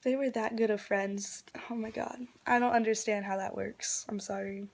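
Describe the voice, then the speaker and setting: A woman vlogger in a subdued, disgusted retelling, sometimes dropping to a soft half-whisper. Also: medium pitch, fairly even intonation, normal speed. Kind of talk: reaction commentary.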